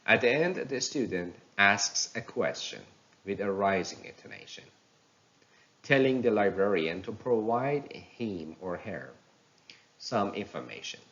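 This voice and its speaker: A man teaching pronunciation in a recorded lecture, explaining slowly and reading example sentences aloud. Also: fairly low pitch, expressive, a bit bright, muffled recording.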